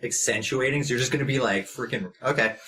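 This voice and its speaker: A man's voice: mid-range voice, fast, sharp tone. A man playing a tabletop game, teasing the others with dry jokes. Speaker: player. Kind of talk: casual tabletop game chat.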